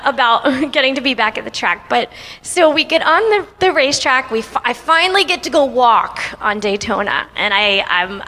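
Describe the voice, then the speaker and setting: A woman's voice: fairly high pitch, bright, forceful tone. A young woman telling a personal story to an audience, chatty and laughing often, speaking into a handheld microphone in a convention hall. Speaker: guest speaker. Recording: reverberant hall.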